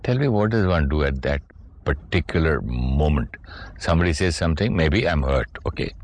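Deep-voiced male interviewer, inquisitive, dry studio sound. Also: expressive, normal speed, no room sound. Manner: probing, questioning. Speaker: talk show host. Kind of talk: interviewer conversation.

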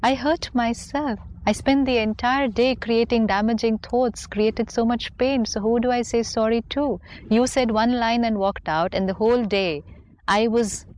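Woman explaining calmly and patiently. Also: fairly high pitch, normal speed. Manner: patient, explanatory, gently reflective. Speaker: spiritual teacher. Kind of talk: calm spiritual talk show conversation.

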